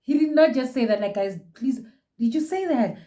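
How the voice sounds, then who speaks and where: A woman's voice: high-pitched, animated, moderate pace, warm tone, far from the mic. A young South African woman chatting in a gushing, casual way, reviewing a reality show from home. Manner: gushing, chatty, code-switching. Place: room at home. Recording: roomy echo, set back from mic.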